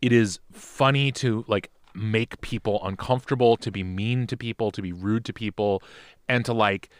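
A man's voice: fairly low pitch, normal speed. Impassioned, rambling man on a podcast. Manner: impassioned, rambling with many restarts. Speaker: podcast co-host. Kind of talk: casual chat.

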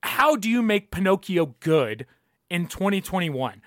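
A man's voice: sits high, big pitch swings, a little slow, no echo, clean studio sound. A young man hosting a podcast, ranting casually and emphatically, swearing often and repeating his points. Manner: profane, emphatic, repeats himself.

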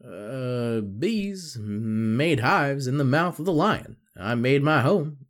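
A man hosting a casual podcast game, reading quotes aloud and ribbing his friends. His voice moves up and down a lot as he jokes, sitting at a middle pitch. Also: animated, slow pace. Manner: joking, teasing. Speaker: podcast host running a quote quiz.

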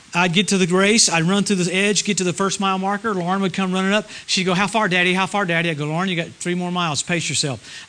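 High, bright-voiced male preacher. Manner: animated, swings from shouting to low murmurs. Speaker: guest preacher. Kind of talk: sermon. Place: church service.

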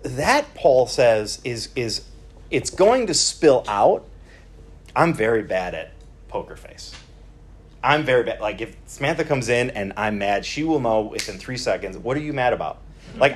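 A man preaching a Bible teaching in a conversational, animated way, acting out quoted lines and often restarting his sentences. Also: medium pitch, a little hiss or hum. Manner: many restarts and repeated words. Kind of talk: sermon.

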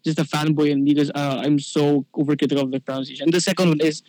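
A man's voice: a little high, level tone, fast talker, darkish tone, no room sound, rough recording. A man talking in casual chat on a podcast, hesitant with restarts, slipping into Tagalog. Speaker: podcast guest.

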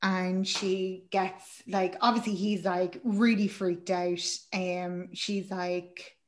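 A woman's voice: lowish voice, flat delivery, slow. A woman hosting a podcast, retelling a film plot in casual, sweary chat and acting out the characters' lines. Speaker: podcast host.

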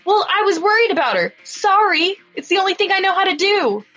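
A woman's voice: very high-pitched, very animated, brisk, sharp tone, muffled recording, faint music behind. A woman playing a tabletop game in a playful, laughing way. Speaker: player. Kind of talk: tabletop role-play.

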